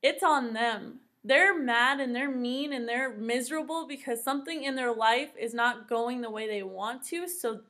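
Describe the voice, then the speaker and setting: This woman is a podcast guest who talks in earnest, heartfelt stretches. Her voice sits high for a woman. She sounds sincere and casual, like she is chatting with a friend. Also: normal speed, hardly any pauses, fairly bright tone.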